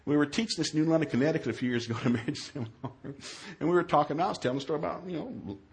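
A man who is a minister, telling a humorous story in a sermon, acting out his own yelled lines in a raised voice. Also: racing, gravelly. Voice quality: animated, shifts to high yelling quotes.

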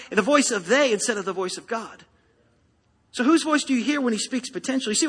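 A man preaches to a congregation in a church sanctuary, his delivery emphatic and rousing as he speaks directly to listeners. The pastor's voice is very high-pitched and fairly bright, with a breathy edge. Long reverb from the large hall fills the recording.

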